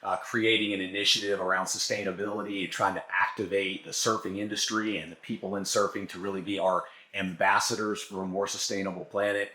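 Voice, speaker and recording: A man from South Carolina with a Southern accent, hosting a casual interview and talking in a relaxed way with lots of ums and uhs. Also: deep voice, a little fast, hardly any pauses, echoey room. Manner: relaxed, filler-heavy, laughs easily. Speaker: host.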